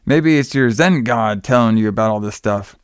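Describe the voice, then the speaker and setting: A man's voice: on the low side, normal speed, smooth, dry recording, clean studio sound. A man casually retelling a film's plot, full of fillers and quoted lines.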